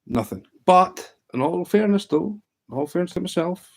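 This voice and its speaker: A man's voice: high voice, lively intonation, normal speed, gravelly, poor audio. A man hosting a casual livestream, telling fishing stories in a chatty, laughing way. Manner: chatty storyteller, often laughing. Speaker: livestream host.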